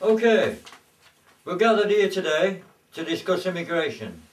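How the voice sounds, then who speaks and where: Man playing an excitable ex-soldier. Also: sits high, moderate pace. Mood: announcing. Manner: excitable, exclaiming. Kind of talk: amateur comedy sketch. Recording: echoey room, voice from far off.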